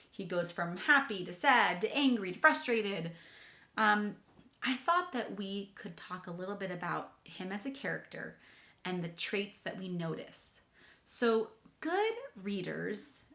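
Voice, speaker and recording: A woman's voice: mid-range voice, gravelly, a bit bright. A woman teacher giving a chatty, enthusiastic reading lesson to children, talking to them directly. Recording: echoey room.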